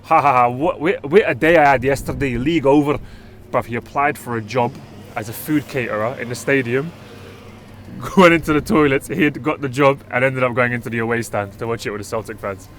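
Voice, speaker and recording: A man with a London accent co-hosting a casual football chat, relaxed, leading segments and talking to viewers. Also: medium pitch, a little fast, slight background noise. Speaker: podcast co-host.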